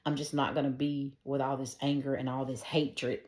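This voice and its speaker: A woman's voice: very deep voice, flat delivery, normal speed, a little mellow. A middle-aged woman telling a personal faith testimony, earnest and conversational, speaking straight to her listeners. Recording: echoey room.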